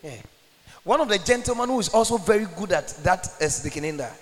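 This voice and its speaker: A man preaches from the pulpit in a high voice, telling stories and breaking into prayer. His voice rings out with a long reverb in a big church hall. He pauses often so an interpreter can follow him. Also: animated, crowd noise. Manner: storytelling, laughing, prayerful. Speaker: pastor. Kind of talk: sermon with interpreter.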